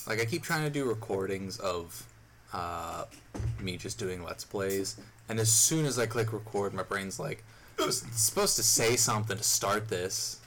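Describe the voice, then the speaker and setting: Young dude on a podcast, low voice but swings all over, cussing, faint noise. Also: male voice, a little slow. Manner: animated, swears often. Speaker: podcast co-host. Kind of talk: casual podcast chat.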